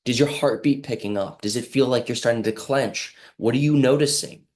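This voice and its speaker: A man's voice: mid-range voice, brisk, a little mellow. Brief: male healer-host, earnest and meandering, talks straight to camera, acts out quoted lines himself. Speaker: healing practitioner and host. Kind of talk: casual motivational monologue.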